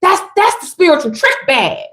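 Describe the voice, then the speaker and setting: A woman's voice: very high-pitched, very animated, normal speed, fairly bright tone, echoey room. A woman giving an emphatic, sassy motivational spiritual talk straight to her listeners.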